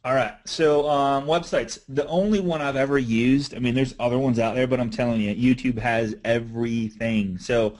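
A man presenting a marketing webinar in a casual, energetic, conversational way. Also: mid-range voice, moderate pace, hardly any pauses, rough recording. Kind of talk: casual instructional webinar talk.

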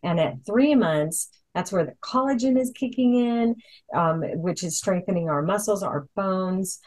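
A woman's voice: medium pitch, a little slow, a little mellow, low-quality recording. A woman talking casually, telling stories with lots of ums and restarts. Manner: chatty storyteller, many ums and restarts. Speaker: product presenter. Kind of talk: casual chat. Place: Hawaii.

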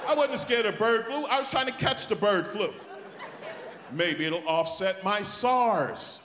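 A man doing live stand-up in a large theatre, ranting loudly and mocking people in put-on voices. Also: high voice. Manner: loud, rapid rants with mocking put-on voices. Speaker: stand-up comedian. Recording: echoey theatre with crowd noise. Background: audience laughter and applause.

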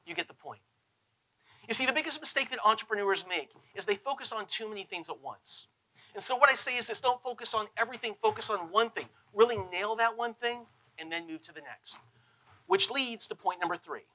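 A man giving a motivational keynote on stage, telling stories in a punchy, animated way. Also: sits high, rough recording. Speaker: keynote speaker. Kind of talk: motivational storytelling talk. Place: conference stage.

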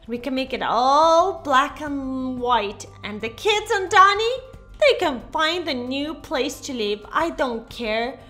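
A woman's voice: high voice, big pitch swings, slow, pushed and bright, faint music behind, exaggerated voice. A woman voicing a dramatic young mother in a Minecraft role-play, with fretful, breathless exclamations. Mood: lovestruck. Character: frantic, dramatic young mother under a spell.

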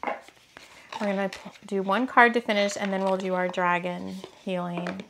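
A woman's voice: medium pitch, vocal fry, slight background noise. A woman reading oracle cards in a casual, gushing way, laughing often as she talks about her decks and her books. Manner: gushing and excitable, quick to laugh. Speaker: spiritual energy reader and deck author.

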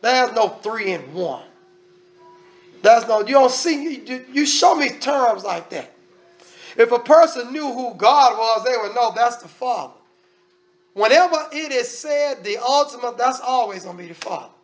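A man's voice: very high-pitched, expressive, a little slow. A man preaching a sermon as minister, emphatic and conversational, often restarting his sentences. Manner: preaching with emphatic, shifting loudness.

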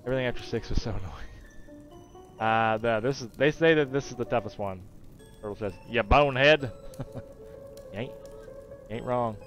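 A man's voice: mid-range voice, dull audio. Chatty man streaming a retro game. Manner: chatty, joking, laughs often, mutters game moves quietly. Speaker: gaming streamer. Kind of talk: live gameplay commentary.

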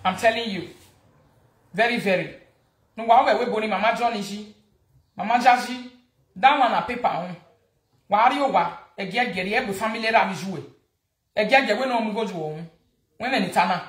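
A Nigerian woman hosting a gossip vlog, talking in a mocking, animated way and repeating words for emphasis. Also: mid-range voice, fairly quick, pauses often, echoey room. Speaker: gossip vlogger. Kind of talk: casual gossip commentary.

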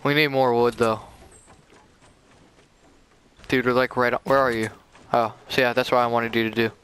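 A young man chatting casually with a teammate while playing, excitable and saying "dude" a lot. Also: medium pitch, normal speed, clear, resonant tone. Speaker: gamer. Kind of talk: casual gameplay chat with a teammate.

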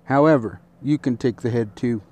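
A man voicing a proud, bossy little male mouse in a slowly read storybook, speaking in a haughty, commanding way. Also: medium pitch, mellow, lightly acted. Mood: boastful.

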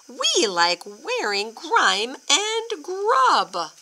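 Stubborn, mud-loving pigs taunt their farmer in a slow, teasing sing-song, as a woman reading aloud puts them on. The voice sits a little high and very bright. It sounds like a storybook read-aloud. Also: huge pitch swings, exaggerated voice. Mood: smug taunting.

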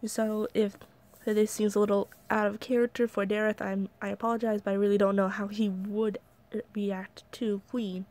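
Hoarse-ish woman reading her fan fic out loud, chatty, lots of um and like. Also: mid-range voice, little pitch movement, normal speed. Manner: chatty, many fillers and restarts. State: slightly hoarse voice. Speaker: fan fiction reader. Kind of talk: casual story reading with asides.

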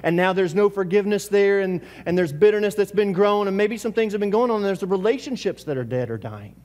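A man preaching a church sermon in a high, reaching voice, hammering phrases again and again. He swings from loud, pressing bursts down to near-hushed words. His voice rings with the long reverb of a church hall. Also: animated, fast. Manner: impassioned preaching with repetition and sudden swings between loud and hushed. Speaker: pastor. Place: church service.

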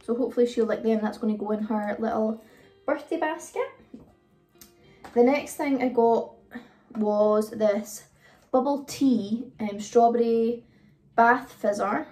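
A British woman talks through her shopping haul in a loose, rambling way, full of ums and asides. Her voice sits a touch high and is picked up from a little distance, with faint music playing underneath. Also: unhurried, long pauses, dark tone. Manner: chatty, rambling, frequent ums. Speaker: vlogger. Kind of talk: casual haul video chat. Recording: voice a bit far from the mic, faint music.

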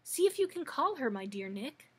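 A woman's voice: sits high, very animated, normal speed, slightly rough, exaggerated voice. A woman voicing a kindly male scarecrow made of straw, speaking with formal politeness in a storybook reading.

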